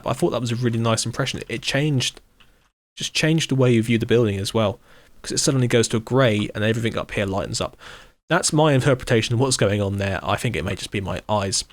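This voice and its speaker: A man of middle pitch narrating a casual tour of builds in a block-building game. He sounds eager and a little rambling, and he chuckles as he goes. The recording is close and dry, with no room sound. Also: no room sound. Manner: enthusiastic, rambling, chuckles often. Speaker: YouTuber touring his creative game server. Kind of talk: casual gameplay walkthrough commentary.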